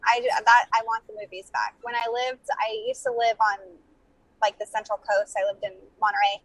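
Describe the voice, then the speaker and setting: A woman's voice: on the high side, sing-song, normal speed, fairly bright tone, no room sound, poor audio. A woman in her thirties, a podcast guest chatting casually, laughing and filling her talk with "like". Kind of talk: casual chat.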